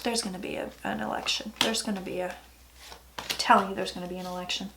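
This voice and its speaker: A woman psychic talking through a tarot reading in a chatty, dramatic way, with sudden loud asides. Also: medium pitch, steady tone, a little fast, heavy background noise. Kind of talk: casual tarot reading vlog.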